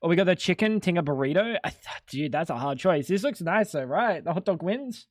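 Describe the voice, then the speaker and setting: This young streamer's high voice is expressive and brisk. He chats casually with his live audience, relaxed and slangy with some swearing, in a dry recording of clean studio quality.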